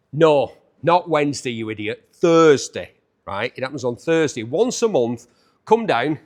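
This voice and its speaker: A middle-aged man hosts a casual auction preview to camera. His voice sits slightly high and swings freely through its range, and he keeps slipping in cheeky jokes at the camera operator's expense. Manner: jokey, teasing asides to the camera operator.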